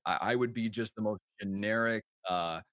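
A man with a light Wisconsin accent who talks at a fairly low pitch. He tells loose, self-deprecating stories in a casual podcast chat, often stopping and restarting mid-sentence. The sound is dry and close, with no room around it. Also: moderate pace, fairly bright tone, dry recording. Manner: rambling, self-deprecating storytelling with frequent restarts. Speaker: podcast guest, former radio host.

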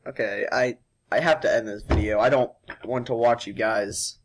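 A man's voice: fairly low pitch, fairly even intonation, normal speed, background noise. A young male vlogger doing a sugar challenge, worn out and dramatic, coughing and complaining between words. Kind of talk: casual vlog.

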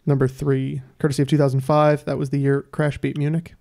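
Gravelly man reading trivia questions. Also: fairly high pitch, flat delivery, brisk, warm tone. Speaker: quiz host.

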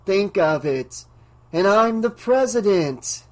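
A delirious bank clerk gone calmly mad, as a man puts him on while reading a novel aloud. His voice sits a bit high, slow and dreamy, deferential yet firm, like someone speaking in a trance. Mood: dreamy, formal. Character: delirious male bank clerk, calm and unhinged.

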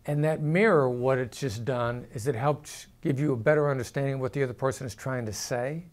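Man explaining negotiation, measured tone. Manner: measured, drops pitch and volume to demonstrate firm downward inflection. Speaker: former FBI negotiator. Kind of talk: explanatory talk to camera.

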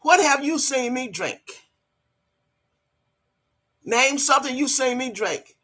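A woman's voice: sits high, expressive, takes it slowly, pushed and bright, slightly rough. An older woman hosting a casual livestream, greeting viewers and scolding critics in a blunt, feisty way. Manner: greets chat viewers by name. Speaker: livestream host.

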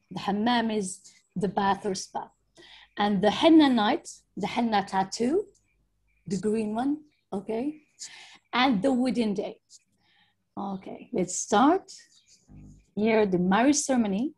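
A woman's voice: on the high side, darkish tone, breathy edge, rough recording. A young woman, giving a casual slide presentation over a video call and often checking in with her listeners.

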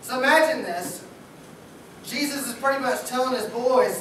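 A man's voice: very high-pitched, moderate pace, a bit bright, slight background noise. A man preaching a sermon in a casual, joking, buddy-like way. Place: church sanctuary. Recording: echoey church hall from far off.

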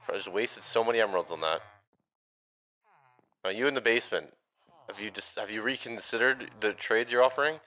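A man's voice: fairly low pitch, lively intonation, brisk, sharp tone. Frantic man talking himself through a game. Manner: frantic, talks to himself, repeats words over and over. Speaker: gaming YouTuber. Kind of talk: live gameplay commentary.

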